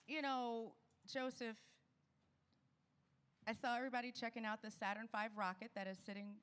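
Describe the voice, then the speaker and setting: Upbeat lady hosting a premiere interview, higher voice. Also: level tone, normal speed, a bit bright, clear, resonant tone. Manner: upbeat and enthusiastic. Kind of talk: live event interview.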